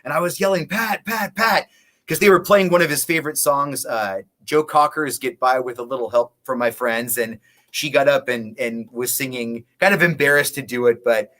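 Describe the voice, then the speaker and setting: A man's voice: medium pitch, moderate pace, a bit bright. Rambling man telling a story. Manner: rambling storyteller with many restarts. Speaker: guest musician. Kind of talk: casual interview chat.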